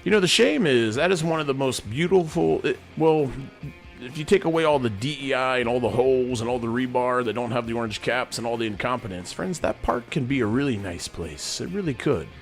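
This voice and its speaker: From his home studio, a middle-aged man in a sergeant major persona rambles through a folksy monologue at a brisk clip and medium pitch. He calls his audience "friends" again and again, and there's faint music in the background.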